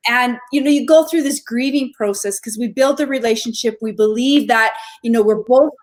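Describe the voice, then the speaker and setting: Woman, interview host, conversational, rambling questions, fairly high pitch. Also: normal speed. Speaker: podcast host.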